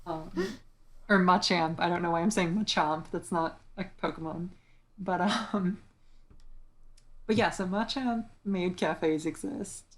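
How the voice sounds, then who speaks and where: Young woman co-host, lowish voice, rambling casual talk full of restarts. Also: a little slow. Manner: rambling, many fillers and restarts. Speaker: podcast co-host. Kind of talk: casual chat.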